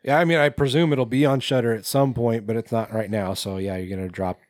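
A man's voice: mid-range voice, steady tone, fairly quick, a little mellow, no echo, clean studio sound. A man co-hosting a casual podcast chat, rambling with many fillers and restarts. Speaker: podcast co-host.

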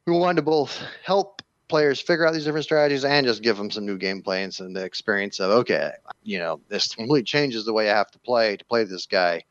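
A man being interviewed as a game developer, explaining in a relaxed way with plenty of "you know" fillers. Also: fairly low pitch, quick pace, hardly any pauses, no room sound, lo-fi sound. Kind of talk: casual interview talk.

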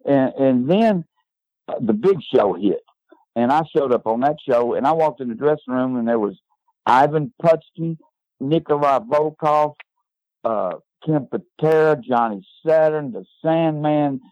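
An older man, a guest and former wrestling manager, telling lively anecdotes and often ending his lines with "man". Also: a little high, unhurried, no room sound, muffled recording.

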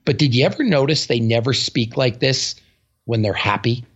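A man's voice: medium pitch, normal speed, husky, dull audio. A man co-hosting a podcast in casual chat, telling stories bluntly and animatedly, with some swearing. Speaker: podcast co-host.

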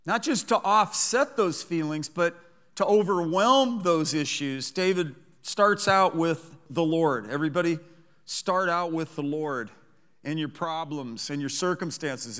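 A male pastor preaching with a high, bright, ringing voice that carries through a long hall reverb. He moves between easy conversational asides and fervent, emphatic declarations, calling the congregation to repeat after him. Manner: fervent, rising to loud emphatic peaks when reading scripture; asks congregation to repeat lines. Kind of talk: sermon. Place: church sanctuary.

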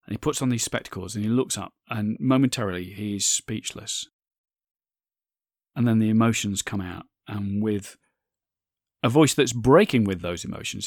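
A man's voice: fairly low pitch, animated, normal speed, no echo, studio quality. Earnest man hosting a solo podcast. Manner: earnest, reflective, with frequent restarts. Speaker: podcast host.

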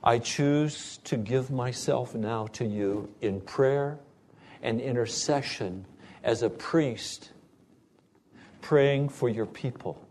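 A man's voice: medium pitch, takes it slowly, a little mellow. A man preaching as a pastor, earnestly retelling conversations and rising to fervent emphasis. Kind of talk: sermon.

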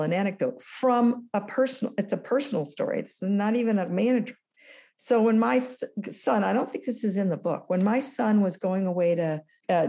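A woman in her sixties, a guest in an interview, telling a story with lively acted-out dialogue. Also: mid-range voice. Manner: animated storyteller, acts out dialogue. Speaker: guest, former business school lecturer.

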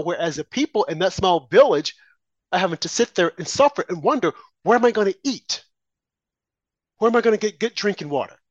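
An indignant man delivers heated, sarcastic commentary, his pitch swinging widely as he pushes his points. The sound is dull and dry, like a lo-fi recording. He sits on the higher side of the usual male range. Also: no room sound. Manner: indignant, sarcastic, rising to shouts.

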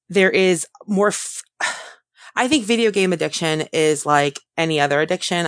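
A woman therapist answering interview questions in a thoughtful way, often pausing and correcting herself. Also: low-pitched, a bit bright, no room sound, clean studio sound. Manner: thoughtful, self-correcting, many fillers.

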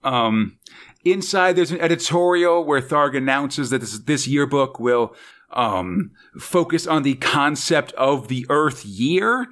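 A man's voice: a little high, animated, slow, a bit bright. A man hosting a casual podcast chat, rambling and hesitant, with lots of fillers and small laughs. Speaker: podcast host.

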